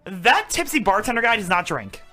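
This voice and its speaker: Bright, lively woman teasing crudely. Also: mid-range voice, a little fast, soft background music. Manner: blunt, teasing, profane. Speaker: podcast co-host. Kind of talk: crude casual banter.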